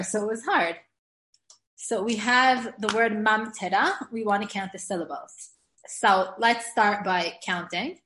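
A woman giving an informal Hebrew grammar lesson, chatty and given to laughing, slowing down to spell out example words. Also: medium pitch, fairly bright tone, roomy sound.

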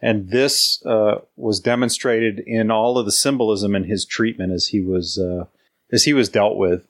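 Low-voiced man, halting book chat. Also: fairly even intonation. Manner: slow, halting, with many fillers and restarts. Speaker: book club podcast co-host. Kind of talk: casual chat, reading a quote aloud.

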